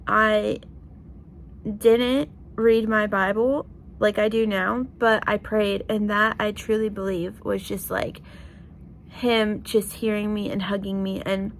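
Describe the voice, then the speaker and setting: A woman's voice: medium pitch, slight background noise. A young woman vlogging in a heartfelt, casual way, earnest and emotional, with lots of "like" and "you know". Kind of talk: heartfelt casual vlog talk.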